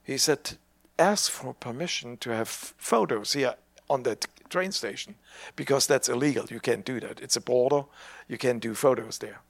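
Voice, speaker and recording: An older male preacher shares a testimony in a loose, conversational sermon style. His voice sits at a medium pitch. He stumbles and restarts a little, then brings the quoted exchanges to life. The sound is close and dry, with no room echo. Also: moderate pace, gravelly. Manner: conversational, with hesitant restarts and animated retold dialogue.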